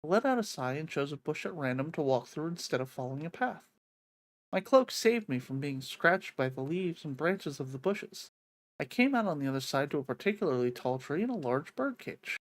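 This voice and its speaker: A woman reading a visual novel aloud, an expressive reader who breaks off to swear and joke, on a close mic. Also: low voice, a little fast. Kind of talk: reading a game's narration aloud with live reactions.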